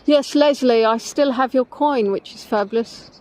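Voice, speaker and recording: A woman's voice: on the high side, moderate pace, darkish tone. A woman with an English accent chatting casually on a live stream, rambling with many "um"s as she answers viewers. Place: outdoors on a riverside walk.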